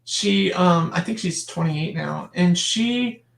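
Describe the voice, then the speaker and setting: A woman's voice: fairly low pitch, takes it slowly, gravelly. A woman guest talking in a casual interview, emphatic and impassioned, often restarting her sentences and adding asides. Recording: roomy echo.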